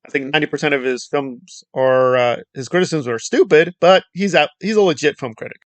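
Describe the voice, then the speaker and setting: A man's voice: fairly high pitch, a little fast, no room sound. A man giving a ranting film commentary in a heated, rambling, sarcastic way.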